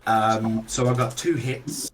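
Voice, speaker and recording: A man running a tabletop game as game master, unhurried and terse. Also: fairly low pitch, fairly even intonation. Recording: loud hiss and clicks.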